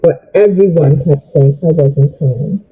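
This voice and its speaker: A young adult woman, a vlogger, rants in an upset, rambling way while doing her makeup for a get-ready-with-me video. Her voice is low, slow and slightly rough, and the audio sounds narrow and tinny.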